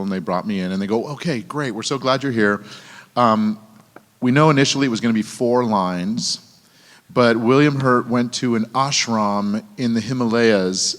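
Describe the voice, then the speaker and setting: Animated male voice actor telling stories. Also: lowish voice. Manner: animated, acts out quoted people in shifting voices. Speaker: voice actor panel guest. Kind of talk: anecdotal convention panel storytelling. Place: convention panel room. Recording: convention hall with long reverb.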